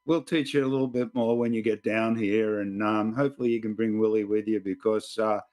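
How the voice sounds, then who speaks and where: A man's voice: on the low side, steady tone, brisk, a little mellow. An older man with an Australian accent, a guest columnist answering interview questions in a reflective, explanatory way. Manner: reflective, explanatory, rambling sentences.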